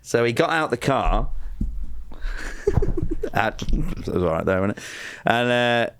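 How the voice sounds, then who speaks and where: A man's voice: mid-range voice, lively intonation, slow, a bit bright, clear, resonant tone, no room sound. A man, a comedian telling a rambling, self-mocking story as a podcast guest, laughing often. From Lancashire, England. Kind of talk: casual anecdote telling.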